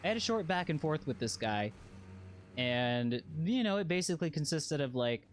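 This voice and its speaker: A man's voice: fairly high pitch, big pitch swings, moderate pace, slight background noise. A man streaming a game, telling a rambling story with chuckling asides and frequent self-interruptions. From Western. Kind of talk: casual gameplay commentary with anecdotes.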